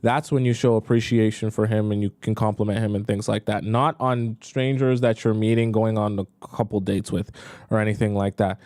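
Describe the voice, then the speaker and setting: A man's voice: fairly quick, no room sound. Casual male dating coach, dry sound. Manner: casual, animated, jokes with mocking high voices. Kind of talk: reacting to a clip, giving dating advice.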